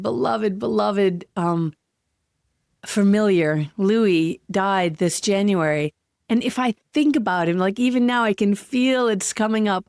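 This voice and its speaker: A woman hosting a solo podcast, talking candidly and with heartfelt, gentle emotion. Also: mid-range voice, gravelly, dry recording, clean studio sound. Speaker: podcast host.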